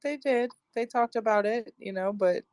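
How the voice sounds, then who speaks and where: A woman co-hosting a casual beauty chat, friendly and quick to laugh. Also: fairly high pitch, darkish tone, no room sound. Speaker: guest co-host. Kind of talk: casual chat on a live audio room.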